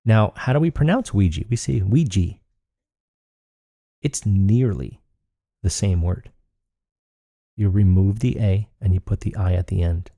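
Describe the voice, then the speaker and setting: A man's voice: fairly low pitch, creaky, mellow, dry recording, clean studio sound. A man hosting a solo podcast, rambling and thinking aloud with frequent restarts. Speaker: podcast host.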